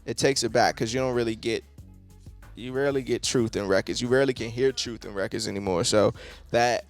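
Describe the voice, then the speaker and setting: Casual male album reviewer, mid-pitched, salty and rambling, faint beat underneath. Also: brisk, soft background music. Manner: loose, profane, heavy on "like". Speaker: music reviewer.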